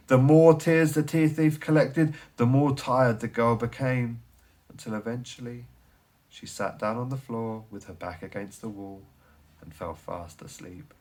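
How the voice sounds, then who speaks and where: A man reading a children's story aloud, animated and theatrical, dropping to a hush and then rising to excited bursts. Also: mid-range voice, normal speed. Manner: animated, swings from hushed to loud and excited.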